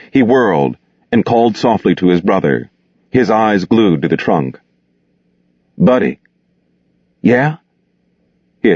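A man narrating an audiobook in a measured, expressive storytelling manner, recorded close on a studio mic. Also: lowish voice, dry recording, dull audio.

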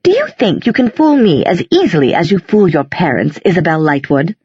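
A woman's voice: lowish voice, big pitch swings, brisk, dark tone, husky, no room sound, muffled recording, exaggerated voice. A woman reading aloud and voicing a cold, sarcastic female Inquisitor with a cutting, clipped manner. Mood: scornful.

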